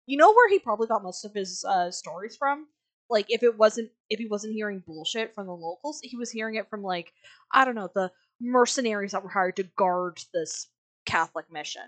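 A woman's voice: medium pitch, animated, fairly quick, dry recording. A woman co-hosting a podcast, chatting casually and reading quotes aloud in a blunt, sarcastic way, swearing freely. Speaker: podcast co-host.

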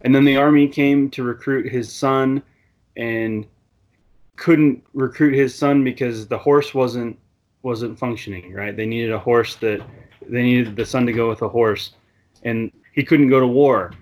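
A man's voice: mid-range voice, steady tone, measured pace, darkish tone, muffled recording. A man talking casually and reflectively in a scripture discussion, rambling a little and restarting his sentences. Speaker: scripture study discussion participant.

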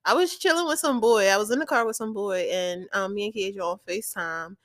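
A woman's voice: medium pitch, a little fast, no echo, clean studio sound. A woman co-hosting a podcast, telling stories animatedly in casual chat with lots of laughter and profanity. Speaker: podcast co-host.

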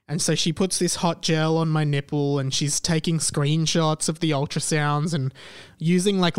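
A young man hosts a casual podcast, rambling through a personal story and playing out both sides of the conversations. His voice sits a little high and sounds smooth and clear. The close mic gives a dry sound with no room around it. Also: no room sound. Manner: rambling, self-deprecating, animated retelling with quoted dialogue. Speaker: podcast host.

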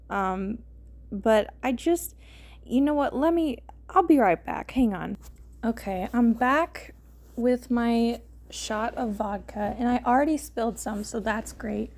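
A woman's voice: on the high side, unhurried, darkish tone. A young woman hosting a comedic reading of fan fiction, rambling and wry, often stopping to comment. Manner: rambling, self-interrupting, wry. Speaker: host.

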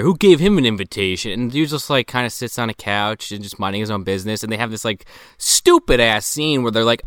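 Co-host: young man, bright crisp voice, lively, explains plot with crude humor. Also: mid-range voice, dry recording, studio quality. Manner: explanatory, crude jokes, laughing asides. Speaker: podcast co-host. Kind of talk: casual movie-recap banter.

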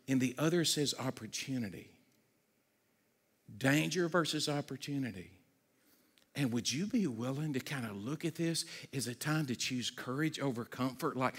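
Bright, energetic pastor, man. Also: mid-range voice, big-room sound. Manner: energetic and conversational, with humorous asides; frequent stammered restarts. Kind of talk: sermon.

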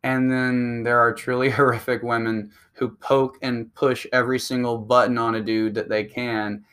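A man's voice: mid-range voice, flat delivery, moderate pace, fairly bright tone, clean tone. A man delivering a profane, combative ranting monologue that speeds up when he gets heated. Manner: crude, combative, and provocative.

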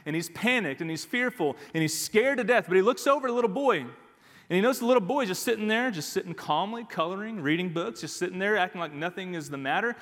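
A man's voice: high voice, expressive, quick pace, a bit bright, long reverb tail. A man preaching a sermon as pastor, emphatic and repeating his key phrases.

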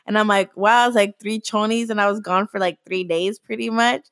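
A young woman chatting casually and telling a story, cursing freely and acting out what people said. Her voice is close and dry, with no room sound. She sits at a middle pitch for a woman. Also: brisk, dry recording. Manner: swears a lot, animated storytelling with acted-out quotes. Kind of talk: casual chat.

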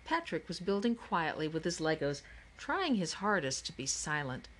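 A woman with a lowish voice reads a children's mystery aloud. She keeps a calm, steady storytelling pace throughout the narration. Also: moderate pace. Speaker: audiobook narrator. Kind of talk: scripted narration.

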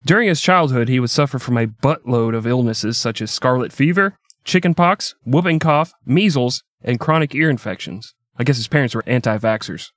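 A man narrates history for a podcast in a loose, joking, irreverent way, often breaking into laughter. His voice sits at an ordinary middle pitch. It is recorded dry and close to the mic, with no room sound. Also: lively intonation, moderate pace, hardly any pauses, no room sound. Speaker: podcast co-host telling a history story. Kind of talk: casual comedic storytelling.

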